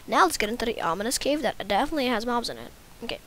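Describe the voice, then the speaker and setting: A woman's voice: on the high side, very animated, very fast, a bit bright. A woman giving casual, rambling, self-mocking commentary while playing a video game. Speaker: gaming YouTuber.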